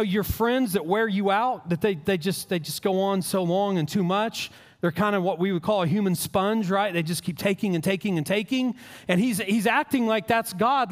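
A man's voice: sits high, long reverb tail. A male pastor preaching a sermon in an earnest, conversational way, often repeating words as he restarts.

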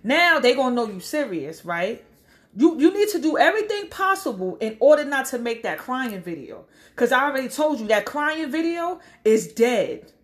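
A woman's voice: sits high, big pitch swings, normal speed. A woman, giving blunt, profane advice in a casual vlog rant and acting out the people she quotes. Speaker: social media commentator. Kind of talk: casual direct-to-camera rant.

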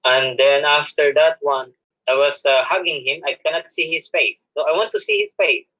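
Man, spiritual guest, bright, slightly high voice, halting and restarting, laughing through his story. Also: fairly even intonation, poor audio. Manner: halting, many restarts and self-corrections; laughs often while telling. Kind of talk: personal storytelling in an interview.

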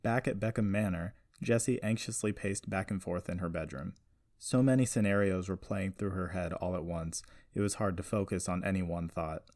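A man reading a scripted story aloud in a steady, even-paced narration. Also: deep voice, moderate pace, dry recording, studio quality.

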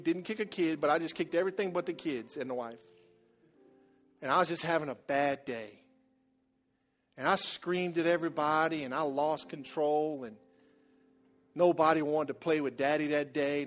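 A middle-aged man preaching a sermon, dropping to a quiet confessional murmur and then building to loud exhortation. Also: mid-range voice. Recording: soft music behind.

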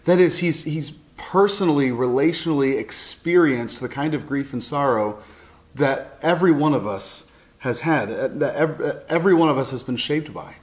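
A man's voice: mid-range voice, normal speed. A middle-aged man giving an earnest, heartfelt sermon, often restarting his phrases as he speaks. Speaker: pastor and counselor.

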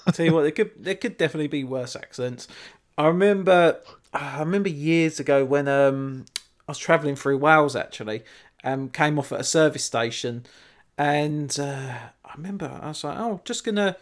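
A British man in casual chat, telling lively anecdotes with swearing. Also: a little high, moderate pace.

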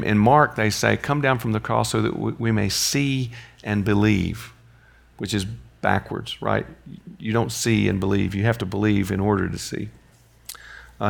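A man's voice: lowish voice, fairly even intonation, moderate pace, vocal fry. A man teaching a Bible study in a conversational way, often checking in with his listeners.

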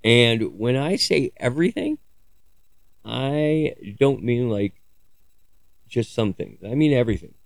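A man's voice: mid-range voice, animated, slow pace, creaky, long pauses, no room sound. A man talking in a casual, rambling monologue, joking crudely and swearing freely as he digresses. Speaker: podcaster.

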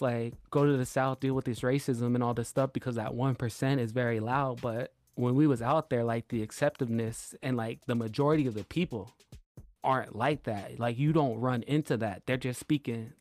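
A man co-hosting a casual podcast, telling animated stories full of "bro" and "like" and cursing freely. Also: mid-range voice, no room sound. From US West Coast. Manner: animated storyteller, swears, lots of "like" and "bro". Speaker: podcast co-host. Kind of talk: casual chat.

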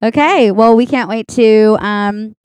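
A woman's voice: fairly high pitch, unhurried, crowd noise. A woman co-hosting a podcast in casual, playful chat, often laughing. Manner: playful, laughing, cheerleader chants. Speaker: podcast co-host.

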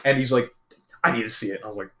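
Young dude rattling off a story, cussing, quick, acts out everyone's lines. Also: male voice, mid-range voice, reverberant. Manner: profane, animated, acts out quotes in shifting voices. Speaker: storyteller in casual chat. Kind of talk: casual chat.

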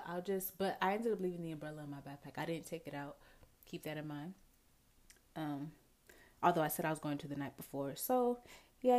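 A young woman vlogger telling a casual storytime to her viewers, animated and chatty, talking to them directly and acting out her own thoughts. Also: on the low side. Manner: dramatic asides and quoted self-talk. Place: indoors at home, near a window with rain outside.

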